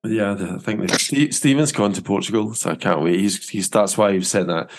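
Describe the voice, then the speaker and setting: A man's voice: on the low side, fairly quick. A man hosting a casual football podcast, rambling and chatty with frequent restarts. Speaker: podcast host.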